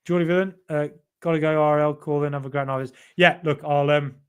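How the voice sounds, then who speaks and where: Chatty English podcast host, mildly Brummie. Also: male voice, fairly high pitch, steady tone, fairly quick, clear, resonant tone. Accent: mild Birmingham (Brummie). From England. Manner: chatty, many ums and restarts. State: voice going late at night. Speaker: podcast host reading live chat. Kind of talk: casual live-stream chat.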